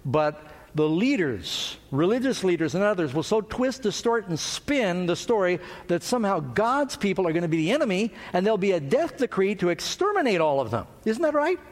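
A male preacher delivers a sermon in a big hall where his voice carries a long echo. His pitch sits a bit high and leaps up and down as he acts out the scene. He switches quickly between plain storytelling and dramatic chanting. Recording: long reverb of a large hall.

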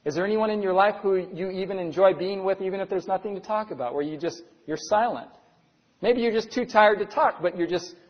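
A middle-aged male pastor with a high voice delivers an earnest sermon, asking his congregation question after question. The sound is dull and lo-fi, and his words ring out with a long reverb from a large church hall. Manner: earnest, asks the audience rhetorical questions.

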